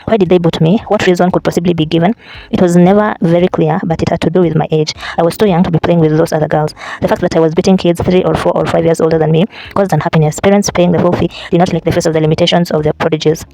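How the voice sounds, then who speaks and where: A vlogger casually chatting, then reading a book aloud in a halting way, restarting and correcting words. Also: mid-range voice, steady tone, vocal fry, dark tone, dry recording, rough recording. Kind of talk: casual vlog and unpolished read-aloud.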